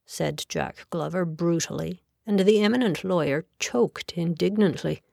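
Lady reading a novel out loud, slow and lowish, super dry close mic. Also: creaky, no echo. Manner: measured, even storytelling. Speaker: audiobook narrator. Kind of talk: scripted narration.

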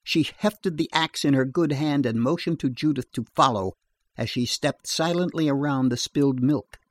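A man narrating a horror story in a steady, measured reading voice. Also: medium pitch, no echo.

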